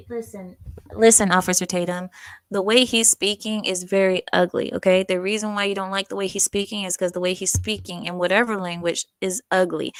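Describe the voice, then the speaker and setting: A woman's voice: medium pitch, no room sound. A woman doing casual reaction commentary on clips, blunt and sassy, scolding the speaker she reacts to.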